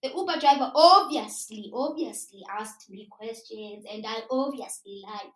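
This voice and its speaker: A young South African woman with a South African accent tells a story live to an audience, animated and chatty, her voice sitting a little high. She slips local words into her talk. The sound is roomy and picked up from a distance. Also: a little slow. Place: live event room.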